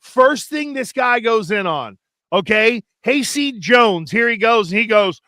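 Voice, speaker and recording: A man talks sports with a high, bright, ringing voice. He piles one thought onto the next as he tells animated stories. The studio sound is dry and close. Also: dry recording. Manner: animated storytelling, rapid, run-on. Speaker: sports talk show co-host. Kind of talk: casual sports talk.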